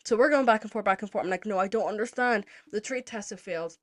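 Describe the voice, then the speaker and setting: A young woman from Zimbabwe hosting a podcast, telling a story in a casual, animated way and moving into political commentary, with lots of "like" and some swearing. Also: medium pitch, fast talker. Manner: animated, chatty, heavy use of "like", swears freely. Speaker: podcast host.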